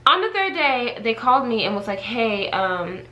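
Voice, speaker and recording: A woman vlogger chatting to her viewers in a casual storytime, animated and talkative as she addresses them directly. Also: high voice, a little fast, slight background noise, poor audio. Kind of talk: casual storytime chat to camera.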